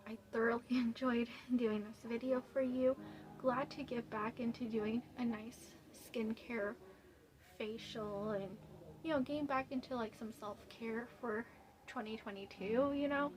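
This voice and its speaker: A woman's voice: on the high side, fairly even intonation, normal speed, darkish tone, slight background noise, rough recording. A woman vlogger giving a chatty, enthusiastic skincare product review with a casual, talkative manner. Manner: chatty and enthusiastic, with fillers like "you know". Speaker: beauty vlogger.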